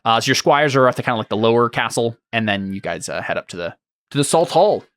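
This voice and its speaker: Lively-voiced male game master. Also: medium pitch, fast talker, clean tone, dry recording, studio quality. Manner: rambling, laughs often. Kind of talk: narrating a tabletop game.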